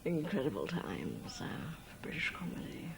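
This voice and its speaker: An actress playing a self-important comedian who reminisces boastfully with hesitant fillers. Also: female voice, low voice, sing-song, moderate pace, vocal fry, whispered, heavily acted. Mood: self-satisfied. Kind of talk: mock documentary interview.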